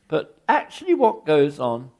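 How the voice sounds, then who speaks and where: A man's voice: a little high, huge pitch swings, unhurried, a little mellow. An older English man giving an anecdotal architecture lecture, wry and rambling, often restarting his phrases. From England.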